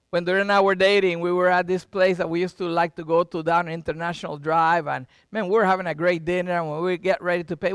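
A middle-aged man pastor preaching a sermon, with dramatic swings between loud and quiet and folksy asides to the congregation. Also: sits high, clean tone, no echo, studio quality.

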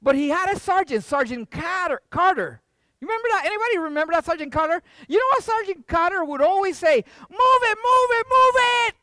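An older preacher delivers a sermon with a very lively, swinging delivery. Quiet asides turn into loud, rising bursts. The sound is close and dry, with no room echo. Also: very high voice, fast talker. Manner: animated, jumps from hushed to loud.

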